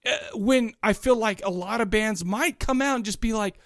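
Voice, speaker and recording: A middle-aged man co-hosting a podcast in casual chat, rambling and excitable, often restarting his sentences. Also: sits high, normal speed, dry recording, clean studio sound. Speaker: podcast co-host.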